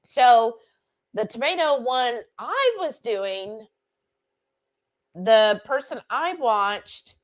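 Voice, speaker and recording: A woman's voice: fairly high pitch, animated, drawn-out words, pauses often. A woman hosting a cooking livestream, chatting casually and animatedly, reading out viewer comments and laughing often. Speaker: livestream cooking show host.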